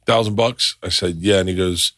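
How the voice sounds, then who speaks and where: Recorded with clean studio sound and no echo, a middle-aged man with a deep voice speaks at a normal speed. He hosts a podcast, casually telling stories as an animated narrator who acts out both sides of conversations, including phone calls.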